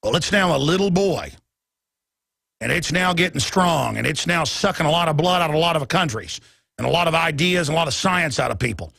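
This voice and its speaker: A man hosting a radio talk show, delivering a heated, emphatic monologue that swings between loud and soft. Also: on the high side, animated, a little fast, vocal fry, husky, dry recording, clean studio sound. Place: radio studio.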